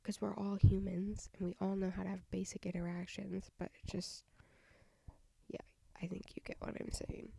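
A woman in her twenties with a slight southern twang, hosting a casual solo podcast, rambling softly with many fillers and restarts while her voice is going out. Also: medium pitch, little pitch movement, moderate pace, no echo. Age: 20s. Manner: rambling, lots of fillers and restarts, soft breathy delivery. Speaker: podcast host. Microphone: home microphone.

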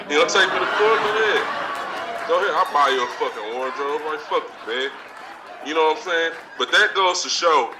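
A man's voice: fairly high pitch, bright, forceful tone, recorded from a distance. A man playing a brash, profane talk-show persona who boasts, threatens and laughs between his lines. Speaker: podcast segment host in character.

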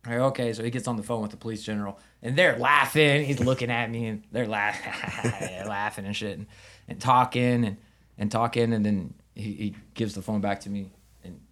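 A man's voice: lowish voice, a little fast, a bit bright. A man, a Muay Thai fighter and podcast guest, tells a story casually, acting out the quoted dialogue and swearing freely. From United States.

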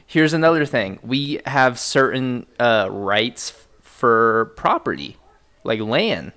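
A man's voice: medium pitch, very animated, slow, a bit bright. A young man hosting a podcast in casual banter, laid-back and swearing freely. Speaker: podcast host.

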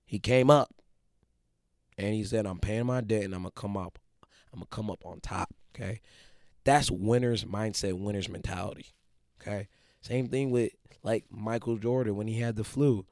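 A man's voice: fairly low pitch, steady tone, moderate pace, a little mellow, no room sound. Emphatic man hosting a podcast. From Detroit. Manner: casual, emphatic, keeps checking in with listeners. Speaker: podcast host. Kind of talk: motivational monologue.

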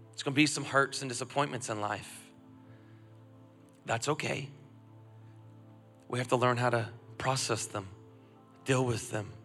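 A man, a father of a young son, preaching a sermon and calling on the congregation to repeat phrases back, swinging between loud urging and hushed reflection. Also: medium pitch. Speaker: pastor. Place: church auditorium. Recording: long hall reverb, music faint behind.

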